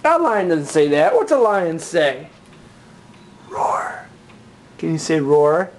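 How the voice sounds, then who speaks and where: A woman's voice: deep voice, big pitch swings, measured pace, a little mellow, a little hiss or hum. A woman in a home video, coaxing her toddler with sing-song baby talk, at home. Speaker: parent filming her toddler.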